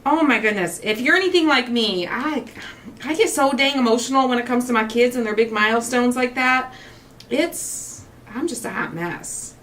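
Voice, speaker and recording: Brief: gushing, chatty craft-show host woman in her forties, a bit high-pitched, faint hiss. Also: lively intonation, normal speed, a bit bright. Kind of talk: casual livestream chat while crafting.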